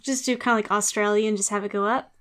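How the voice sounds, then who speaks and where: A woman's voice: medium pitch, steady tone, fast, fairly bright tone. A woman hosting a podcast in casual chat, laughing often and rambling playfully. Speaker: podcast host.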